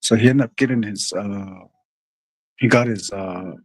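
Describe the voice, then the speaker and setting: A man's voice: lowish voice, measured pace, breathy edge, dry recording. A man telling a long story to his viewers in a rambling, profane way, often calling out to them as "you guys.". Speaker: livestream host.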